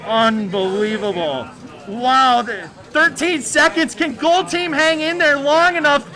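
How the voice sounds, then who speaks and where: A man casting a live tournament game, shouting in hyped excitement, with a cheering crowd and music behind him. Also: very high-pitched, unhurried. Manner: shouting, hyped, loud exclamations. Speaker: esports caster.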